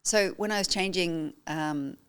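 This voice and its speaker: A woman's voice: on the low side, measured pace, clean tone. A middle-aged woman, a guest on a podcast interview, telling her story emphatically and acting out what she said to people. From New Zealand. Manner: emphatic, animated storytelling with acted-out quotes. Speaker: guest, photographer and educator.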